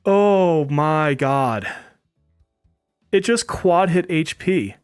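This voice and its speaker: A man's voice: fairly high pitch, lively intonation, drawn-out words, smooth, no echo, studio quality, soft background music. A man streaming a game live, joking and exasperated, often swearing and laughing as he talks to his viewers. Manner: talks to chat viewers directly. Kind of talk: live-stream gaming commentary.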